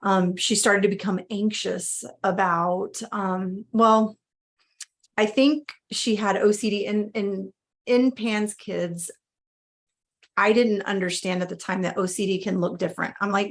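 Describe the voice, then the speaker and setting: A woman's voice: medium pitch, steady tone, measured pace. A woman in her thirties, a mother telling her family's story in a casual, conversational way, with frequent fillers and restarts.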